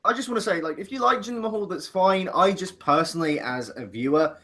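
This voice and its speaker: A man's voice: sits high, animated, fast, pushed and bright. A man co-hosting a casual chat, opinionated and joking, often restarting his sentences. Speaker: podcast co-host.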